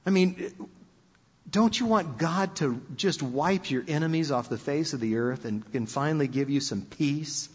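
A man preaching a sermon in an animated, conversational storytelling manner. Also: a little high, measured pace, husky. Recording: dull lo-fi sound with long hall reverb.

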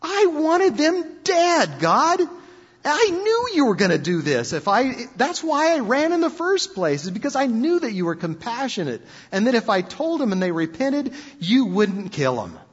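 A preacher doing a sulky, exasperated prophet who whines and grumbles, his voice climbing high and swinging wide. It comes through dull and lo-fi, with a long hall reverb trailing behind. The complaining never lets up. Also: lively intonation, a little slow, a bit bright.

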